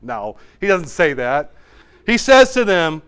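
Preaching man, smooth higher voice. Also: very animated, slow. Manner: swings from emphatic raised preaching to hushed low asides. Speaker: pastor. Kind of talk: sermon.

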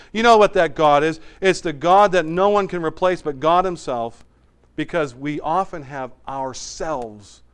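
A pastor delivers a sermon in a smooth, fairly high-pitched voice. He moves back and forth between forceful, raised passages and quiet, hushed asides.

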